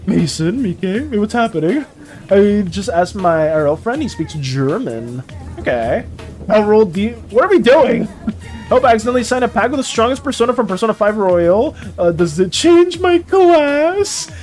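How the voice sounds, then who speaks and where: Animated streamer with a lively voice. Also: medium pitch, faint music behind. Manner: animated, rambling, quick to laugh. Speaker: streamer and game master. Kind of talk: casual live-stream chat.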